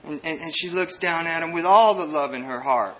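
Earnest, rambling man with a bright voice. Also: on the high side, brisk. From United States (El Paso, Texas). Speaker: recovering addict sharing his story. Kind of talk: personal recovery testimony to a group.

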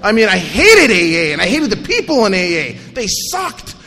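A man with a fairly high voice tells his recovery story to a meeting, animated and self-mocking, with coarse jokes. His voice rings out with a long hall reverb behind it. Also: normal speed. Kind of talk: personal recovery story told to an audience.

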